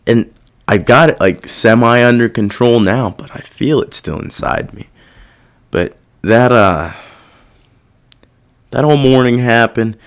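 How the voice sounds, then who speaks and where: A man's voice: medium pitch, measured pace, long pauses, clean tone. A young man hosting a podcast, talking through his feelings in a rambling, self-reflective and heavily profane casual monologue. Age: young adult. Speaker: podcast host.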